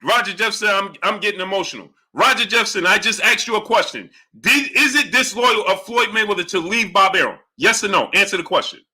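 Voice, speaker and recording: The host of a live boxing chat talks fairly quickly with hardly any pauses, his animated voice carrying a breathy edge. Between super chats he argues with viewers and keeps demanding yes-or-no answers, greeting chatters in a low, hushed aside.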